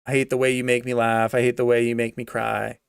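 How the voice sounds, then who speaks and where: A man's voice: mid-range voice, lively intonation, brisk, a bit bright, no room sound, clean studio sound, recorded from a distance. A man mockingly quoting a hurt, emotional teenage girl in an overdone, melodramatic way.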